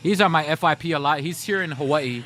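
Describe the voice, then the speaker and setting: A man's voice: fairly high pitch, quick pace, bright, forceful tone, a little hiss or hum. A man livestreaming, chatting casually with his viewers, addressing the chat directly and laughing often.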